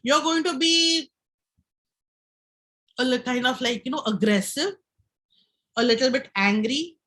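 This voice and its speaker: A woman's voice: high-pitched, a little slow, fairly bright tone. A woman speaking at a live health session, explaining and guiding the audience through a breathing exercise while checking in with them.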